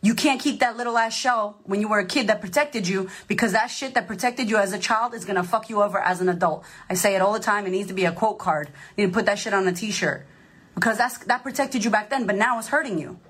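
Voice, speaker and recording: A woman life coach giving a casual motivational monologue, emphatic and profane, with animated delivery. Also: mid-range voice, quick pace, slightly rough.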